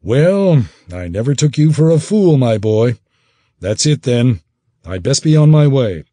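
A man doing a smooth scheming older schemer. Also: medium pitch, sing-song, measured pace, dark tone, no room sound, pitched above the performer's own voice. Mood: mock regretful. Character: scheming middle-aged man, smooth persuader.

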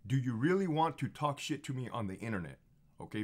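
A man's lively, medium-pitched voice moves fairly quickly as he recounts his days as a prison officer. In his thirties, he speaks casually but profanely and emphatically, repeating lines for effect as things get heated and confrontational.

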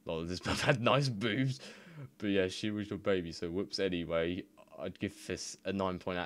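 A man's voice: low voice, moderate pace, slight background noise. A man, casually reading odd machine translations aloud, laughing and swearing as he goes. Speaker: gaming video creator.

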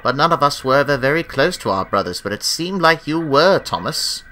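A man voicing a kind, steady older male engine who speaks gently and consolingly. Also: fairly high pitch, brisk, slight background noise, pitched above the performer's own voice.

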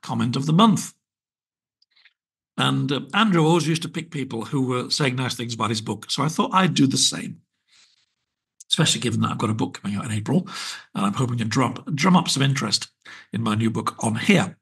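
Speaking a little fast, this British solo podcast host has an expressive, mid-range, bright and husky voice with vocal fry. His casual chat is wry and rambling, packed with small asides.

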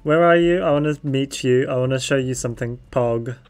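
A man's voice: mid-range voice, fairly quick, darkish tone, clean tone, soft background music. A man streaming a game, chatting playfully and giggling, with sudden yelps when things go wrong. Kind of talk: casual gaming chat.

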